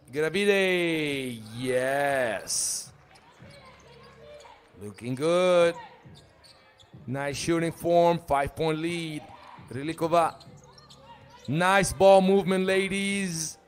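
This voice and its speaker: A man's voice: on the high side, drawn-out words, long pauses. A man doing live play-by-play commentary for a basketball tournament, joking and chatting between calls. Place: arena at a live 3x3 tournament.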